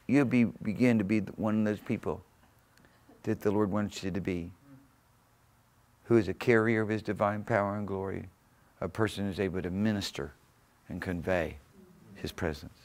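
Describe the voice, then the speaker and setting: A pastor preaching a fervent sermon in a church, surging loud on key phrases and chuckling between points. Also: male voice, fairly low pitch, steady tone, moderate pace. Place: church sanctuary.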